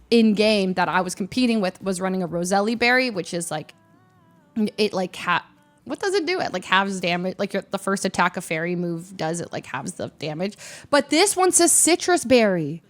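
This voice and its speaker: A woman streamer casually telling her viewers a story, animated and self-mocking, full of "like" and quick asides. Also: mid-range voice, faint music behind. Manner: animated, heavy use of "like", rapid asides; self-mocking, laughs often.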